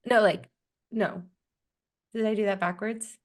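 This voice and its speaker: Woman co-host, young adult, mid-pitched, recovering from a cold, playful and joking. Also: fairly even intonation, a little slow. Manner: playful, joking, laughs often. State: getting over a cold. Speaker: podcast co-host. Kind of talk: casual chat.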